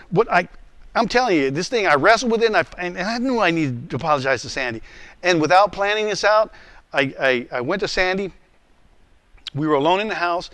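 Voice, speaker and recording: A man in his role as pastor teaching a class, earnest and animated, often stammering and repeating words. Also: high-pitched, no echo. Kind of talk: emotional teaching talk. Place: room with a class.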